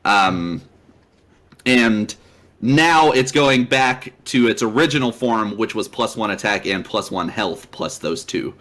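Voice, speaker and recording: A man's voice: lowish voice, expressive, slow pace, a bit bright. A man co-hosting a casual gaming podcast, teasing his guests and laughing often as he talks. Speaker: podcast co-host.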